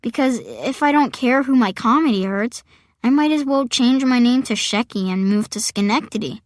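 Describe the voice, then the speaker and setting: A woman's voice: on the high side, moderate pace, dry recording, clean studio sound. A woman reading a first-person audiobook in a wry, conversational storytelling manner. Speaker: audiobook narrator.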